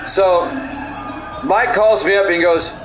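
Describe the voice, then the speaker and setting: Over music and background noise in an echoey room, a middle-aged man streams football commentary, mixing play-by-play with a meandering story for his chat. He laughs a lot, and his high-pitched voice moves slowly.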